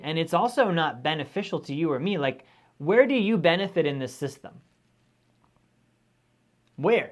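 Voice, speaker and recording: A man teaching personal finance on a live stream, talking energetically and tagging his points with "right?". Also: high voice. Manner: energetic, conversational, keeps asking "right?". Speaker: finance educator.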